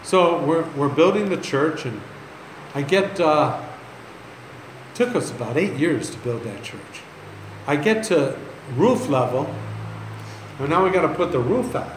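A pastor with a slightly high, animated voice tells folksy, joking stories in a sermon, laughing at his own tales. He speaks a little slowly with frequent pauses, in an echoey room with faint ambience and a little hiss or hum.

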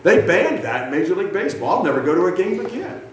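A man in his fifties preaching a loud, self-mocking sermon in a church, breaking into sudden shouts. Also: high voice, very animated, quick pace, reverberant, slight background noise. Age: 50s. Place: church sanctuary.

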